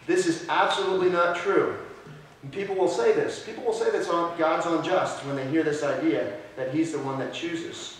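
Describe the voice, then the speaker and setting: A man's voice: fairly high pitch, normal speed, slight background noise. A male pastor preaching a sermon in a conversational way, often asking his congregation questions. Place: church sanctuary. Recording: echoey church room, voice from a distance.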